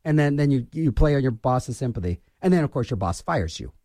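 A man's voice: mid-range voice, sing-song, brisk, dark tone, no echo, studio quality. A man hosting a radio show, rambling and ranting in a self-mocking way as he jumps from topic to topic. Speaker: radio DJ host. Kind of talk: rambling on-air monologue.

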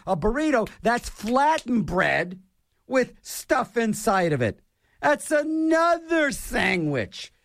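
A man's voice: sits high, no room sound, clean studio sound. A man from Pittsburgh hosting a show, delivering a playful, mock-argumentative comic rant.

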